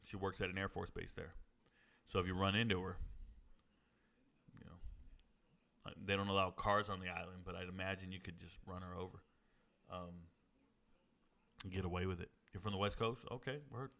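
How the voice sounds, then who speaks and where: Man, from Georgia, bright tone, casual stream banter, sports commentary. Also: low-pitched, moderate pace, gravelly, pauses often. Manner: joking banter with chat, excited outbursts. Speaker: streamer hosting a watch party.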